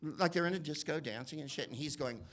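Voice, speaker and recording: A man doing stand-up comedy, rambling and profane, slipping into quick voice impressions. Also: on the high side, a bit bright. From United States. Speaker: comedian and podcast host.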